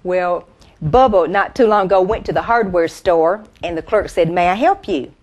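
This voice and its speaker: A woman's voice: lowish voice, a little mellow, lightly acted. A woman doing a folksy country comedienne. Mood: chatty. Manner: folksy, drawn-out storytelling with laughs at punchlines. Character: folksy Southern country comedienne, chatty and homespun. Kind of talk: stand-up storytelling impression.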